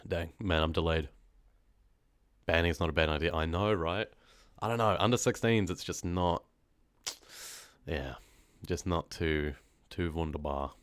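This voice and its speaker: A man's voice: low voice, a little slow, dry recording. A man chatting casually on a live stream, reading comments, rambling and laughing often, with a congested, stuffy nose from a cold. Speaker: horror story narrator streaming live.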